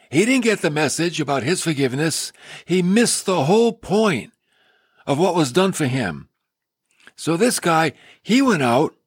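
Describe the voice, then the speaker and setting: A man preaching a sermon, retelling a parable with animated storytelling and acting out the characters. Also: on the high side, breathy edge, no echo, studio quality.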